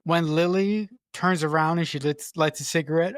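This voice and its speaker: A woman's voice: deep voice, steady tone, moderate pace, dry recording, studio quality. A woman co-hosting a film review podcast, chatting casually, often restarting her sentences and swearing for emphasis. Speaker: podcast co-host.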